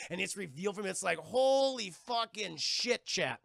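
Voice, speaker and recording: A man casually reviewing a film for his stream's chat, with a profane, rambling, animated way of retelling scenes. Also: high voice, normal speed, creaky, hardly any pauses, dry recording, shouting.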